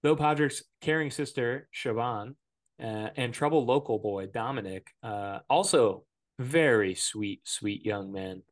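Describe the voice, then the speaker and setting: A man's voice: medium pitch, measured pace. Joking, rambling man recapping a film. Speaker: podcast host. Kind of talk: casual movie-review chat.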